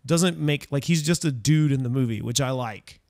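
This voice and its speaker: A man's voice: medium pitch, moderate pace, vocal fry, a little mellow, no echo, clean studio sound. A man hosting a casual horror-movie podcast, rambling and correcting himself as he searches for words. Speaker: podcast host. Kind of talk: casual film discussion.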